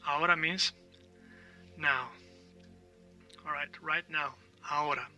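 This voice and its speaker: A man's voice: a little high, steady tone, slow, sharp tone, recorded from a distance, soft background music. A man teaching a language lesson, explaining patiently, repeating words for drills and often checking in with "all right?".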